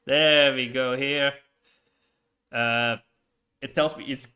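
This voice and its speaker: A man chatting his way through a game stream from home, with a bright, clear-edged voice at a middling pitch. He rambles, stalls on fillers and breaks into short laughs as he thinks aloud. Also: a little slow. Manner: rambling, hesitant, full of fillers and frequent laughs. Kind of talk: casual live-stream chat while playing.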